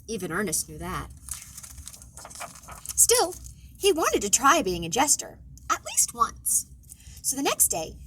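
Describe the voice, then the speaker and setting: A woman librarian reading a children's picture book aloud, expressive and playful. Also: fairly high pitch, slow pace, long pauses, a little hiss or hum, rough recording. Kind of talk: children's storytime read-aloud.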